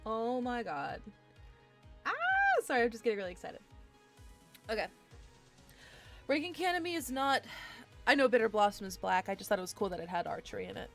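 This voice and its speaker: An excitable woman chatting to herself and her stream viewers while she builds a card game deck, with bursts of delight. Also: fairly high pitch, fairly quick, gravelly, pauses often, music in the background. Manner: excitable, talks to herself while browsing cards. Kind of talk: casual live-stream deckbuilding chat.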